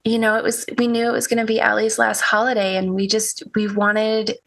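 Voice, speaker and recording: A young woman telling an emotional personal story as a podcast guest, halting with many restarts and soft laughs. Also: medium pitch, flat delivery, creaky.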